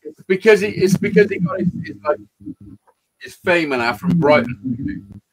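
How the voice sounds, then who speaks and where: A man's voice: high-pitched, huge pitch swings, normal speed, husky, no room sound, low-quality recording. A man co-hosting a live stream, chatting casually and emphatically, with some swearing. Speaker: co-host.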